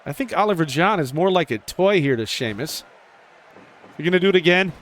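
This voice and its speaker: A man giving casual play-by-play commentary over a video game wrestling match, excitable, jumping up in pitch on the big moves. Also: brisk.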